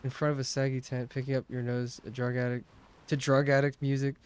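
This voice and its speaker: A man's voice: medium pitch, level tone, a little fast, clear, resonant tone. A man streaming a game, chatting casually, swearing a lot and ranting animatedly with laughs. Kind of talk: casual live-stream commentary. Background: game music.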